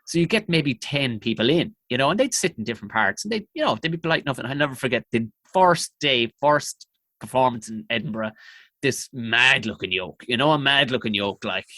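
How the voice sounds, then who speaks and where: An Irish man telling profane, animated stories as a comedian guest in casual chat. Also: mid-range voice, no echo. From Ireland.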